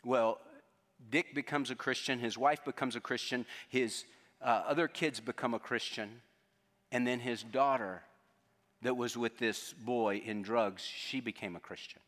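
A man preaching a sermon, telling a story earnestly and dropping to a hushed tone for quoted lines. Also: mid-range voice, fairly even intonation, a little slow. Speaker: pastor. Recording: long reverb of a large hall.

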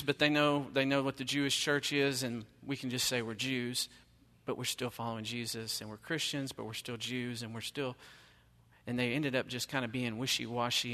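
Middle-aged male pastor, bright forceful tone, casual sermon delivery, long hall reverb. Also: medium pitch. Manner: conversational preaching, emphatic rhetorical questions.

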